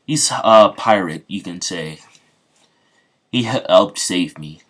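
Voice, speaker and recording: A man's voice: low voice, animated, slow, fairly bright tone, exaggerated voice. A man voicing a jobless young newcomer to another world who speaks plainly. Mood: frank.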